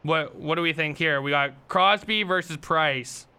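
A man co-hosting a sports podcast who leads the topics, quick and joking in casual chat. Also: fairly high pitch, bright, forceful tone, clear, resonant tone. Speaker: podcast co-host.

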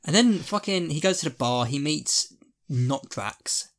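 Unhurried yet lively in intonation, a man with a fairly high voice co-hosts a podcast, chatting casually and with energy while cursing and performing lines from characters.

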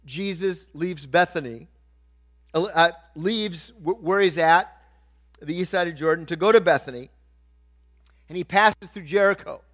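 A middle-aged male pastor preaching a sermon, swinging from quiet asides to loud, emphatic points. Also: a little high, measured pace, long pauses.

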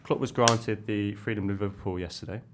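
Fast-talking low-voiced podcast host. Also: male voice, steady tone, noisy background. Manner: rambling, restarts, reads listener questions. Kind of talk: casual football podcast chat.

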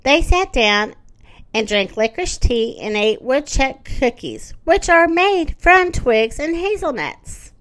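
A woman reading a children's story aloud, with an expressive, lively delivery. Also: sits high, slow.

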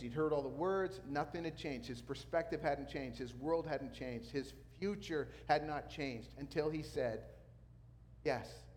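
A man preaching to his congregation, his voice sitting a touch higher than most men's. He acts out the people he quotes with an animated delivery, and a long reverb trails behind each phrase as it fills the large hall. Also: slight background noise. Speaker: pastor. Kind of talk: sermon.

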